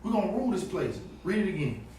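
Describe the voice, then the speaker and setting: A man preaching on the street, fiery and emphatic, swinging between loud and low. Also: sing-song, fast. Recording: echoey, distant outdoor recording with faint background noise.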